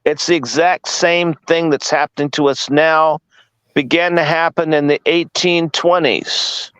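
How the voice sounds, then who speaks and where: A man's voice: fairly high pitch, fairly even intonation, a little slow, fairly bright tone, smooth, no room sound, low-quality recording. A man from Washington, D.C. giving a casual lecture, firing rhetorical questions at his listeners, blunt and profane. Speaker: guest speaker.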